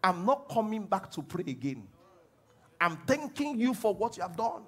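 Animated husky Nigerian-accented pastor preaching. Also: male voice, sits high, normal speed. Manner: animated, swings from quiet mimicry to loud exhortation. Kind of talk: sermon.

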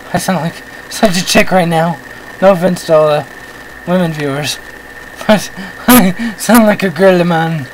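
A man hosting a let's-play, giving excitable commentary, often yelping at the game, with self-mocking rambling asides. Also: high voice, a little slow, a little hiss or hum, low-quality recording. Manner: excitable, yelps and shouts at the game. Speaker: gaming channel host.

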